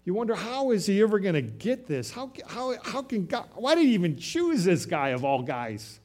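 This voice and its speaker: A man preaching a sermon, telling a story in an animated way that swings from loud to soft. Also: high voice, moderate pace. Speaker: pastor.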